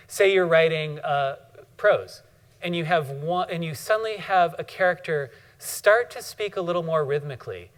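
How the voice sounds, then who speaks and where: A man giving a thoughtful classroom lecture on poetry, often pausing and reading poem lines slowly. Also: on the high side. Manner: frequent fillers and restarts.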